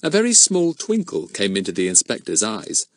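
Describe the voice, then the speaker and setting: A man's voice: lowish voice, huge pitch swings, moderate pace, dry recording. A man reading a children's mystery audiobook aloud, narrating expressively and giving each character a voice.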